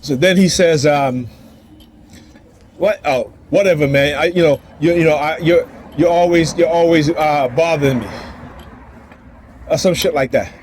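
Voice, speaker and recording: Man, ranting phone vlog, repeats himself, acts out quotes, slightly high voice, faint traffic behind. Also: unhurried, pauses often, a little mellow. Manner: agitated, repetitive, acts out quoted dialogue. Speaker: father vlogger. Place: outdoors near a building and street traffic.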